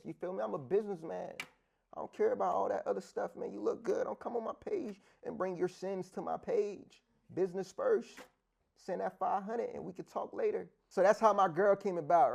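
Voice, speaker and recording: A man from Africa, an interview guest telling stories in a casual, animated, profane slang style, acting out dialogue in other voices. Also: high-pitched, gravelly. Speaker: interview guest, sports bettor. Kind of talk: casual storytelling chat.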